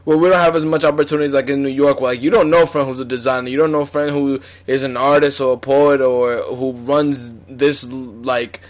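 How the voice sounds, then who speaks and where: A man's voice: medium pitch, steady tone, brisk, few pauses. A man hosting a casual chat, chiming in to build on his guest's points. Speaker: podcast host.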